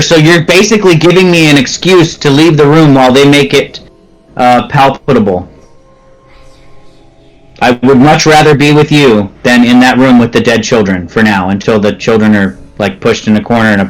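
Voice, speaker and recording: A man's voice: medium pitch, fairly quick, faint music behind, poor audio. Chatty man playing a tabletop game. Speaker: tabletop player. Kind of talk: casual tabletop game chat.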